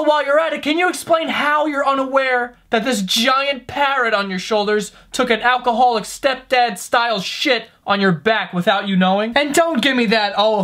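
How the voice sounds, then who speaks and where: A man's voice: very high voice, fairly bright tone. A young man giving a sarcastic, profane, incredulous comedic rant over video clips. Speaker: comedy commentator. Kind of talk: ranting comedic commentary.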